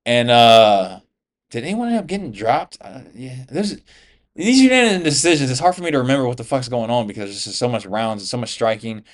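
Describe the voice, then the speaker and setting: A man from the US reacts to MMA fights on his YouTube channel in a loose, cursing, slang-heavy style, calling everybody "bro." His voice is pitched in the middle range.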